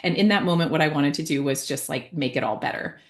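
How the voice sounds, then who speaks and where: A woman's voice: sits low, fast talker. A woman in her forties, an author telling a parenting story in a chatty way, with many fillers and restarts. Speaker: author and guest. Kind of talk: conversational storytelling.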